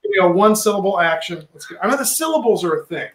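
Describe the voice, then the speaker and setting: A man's voice: high voice, expressive, fast talker, echoey room, loud music behind the voice. A man running a word game among friends and hurrying them to answer. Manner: pushy, hurrying others along. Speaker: game leader asking for words. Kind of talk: casual group game.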